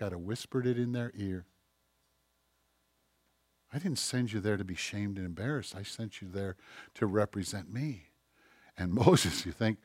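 Animated male preacher in a dry room. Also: fairly low pitch, no echo. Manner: animated preaching, acting out voices, swinging from loud to hushed. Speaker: pastor. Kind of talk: sermon.

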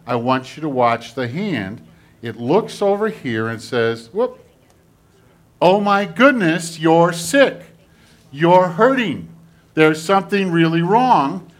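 A man, a pastor, giving a children's sermon in a church, speaking in a gentle, animated way to kids. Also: mid-range voice. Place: church sanctuary.

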